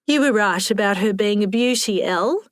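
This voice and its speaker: A woman's voice: medium pitch, moderate pace, no room sound, studio quality, close to an everyday voice. A woman voicing a frail, sweet and nosy elderly woman.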